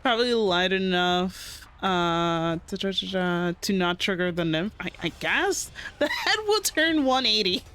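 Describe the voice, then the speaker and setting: A woman's voice: medium pitch, lively intonation, a little slow, hardly any pauses, fairly bright tone, smooth. A woman streamer chatting casually while reacting to a game, giggly and playful.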